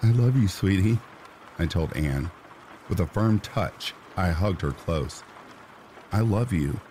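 A man reading a horror story aloud in a slow, somber storytelling manner. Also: low-pitched, a little mellow, slight background noise. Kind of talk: scripted horror narration. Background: rain sounds.

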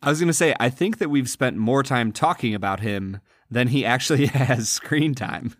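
A man's voice: mid-range voice, normal speed, no echo. A man co-hosting a podcast, earnestly discussing a film and its performances. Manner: earnest, admiring. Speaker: podcast co-host. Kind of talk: casual film review chat.

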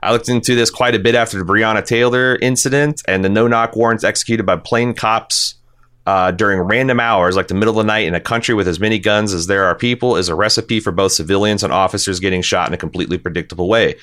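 A man's voice: on the low side, fast, a bit bright. A man hosting a podcast, talking casually and bluntly, swearing freely as he reads listener comments and gives his opinions. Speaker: podcast host.

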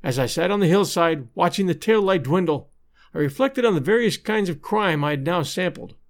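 Higher-voiced male audiobook narrator. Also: lively intonation, brisk.

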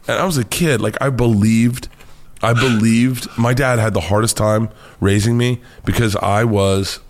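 A man from the United States, a comedian guest in an interview, telling stories in a loud, profane, animated way and laughing often. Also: lowish voice, measured pace. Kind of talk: casual storytelling interview.

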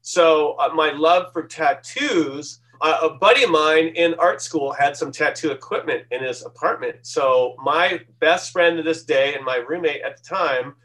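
Animated middle-aged guest telling stories, higher voice, mic set back. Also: male voice, unhurried, few pauses, recorded from a distance, low-quality recording. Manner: lively anecdotal, acts out quoted voices. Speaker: guest tattoo artist. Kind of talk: storytelling interview.

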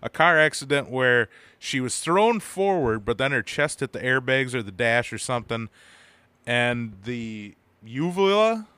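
A man's voice: mid-range voice, big pitch swings, unhurried, sharp tone, clean tone, no room sound. A man with an Upper Midwest American accent, co-hosting a casual podcast and telling crude, rambling stories full of swearing. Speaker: podcast co-host.

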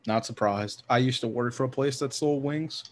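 A man's voice: mid-range voice, moderate pace. A man from New Orleans co-hosting a casual sports podcast, laughing often and swearing freely. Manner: laughing, loose and profane. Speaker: podcast co-host. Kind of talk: casual chat.

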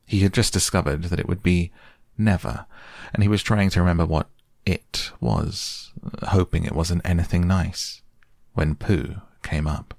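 A man narrating a children's story in a soft, slow, calm bedtime reading. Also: low-pitched, gravelly, no echo, clean studio sound. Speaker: podcast narrator.

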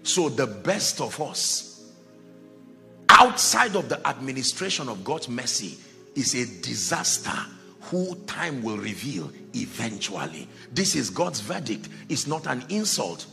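A man preaching a sermon as pastor, dramatic, dropping to a hush and rising to shouts, acting out the people in his stories. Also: mid-range voice, very animated, measured pace, vocal fry, faint music behind. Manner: acts out Bible characters in quoted dialogue.

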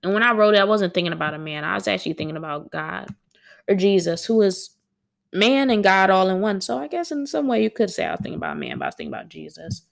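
A woman poet at home, reading her own poems aloud and chatting to her listeners between them, a bit dramatic and quick to laugh at herself. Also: medium pitch, very animated, creaky. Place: at home with a dog on a wooden floor.

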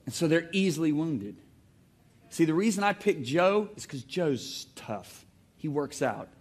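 A male preacher on stage at a church, his voice sitting a little high and swinging widely in pitch as he tells stories. He preaches in an animated way, breaks into loud exclamations and gets the congregation to call out answers. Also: a little slow. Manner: calls on the congregation to shout back. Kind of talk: sermon. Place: church hall before a congregation.

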